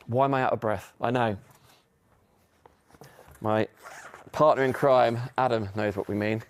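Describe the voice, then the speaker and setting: A man's voice: medium pitch, a little mellow. A middle-aged man presenting a live TV shopping demonstration, giving chatty, upbeat sales patter with asides to viewers.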